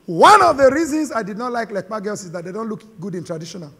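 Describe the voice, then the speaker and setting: High-voiced Nigerian preacher in a hall. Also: male voice, fast talker, breathy edge. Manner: animated, joking, call-and-response with the congregation. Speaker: pastor. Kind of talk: sermon. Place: large hall with live congregation. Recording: long hall reverb.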